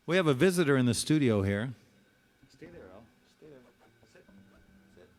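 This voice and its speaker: A man's voice: medium pitch, animated, normal speed. A man hosting a music show from his small home recording studio, chatting casually and joking with his dog between songs. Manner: jokey, talks to his dog. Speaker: singer-songwriter host.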